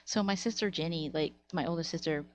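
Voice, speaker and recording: Laughing, animated woman telling stories. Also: deep voice, fast, slight background noise. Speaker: live streamer. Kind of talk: casual storytelling to chat.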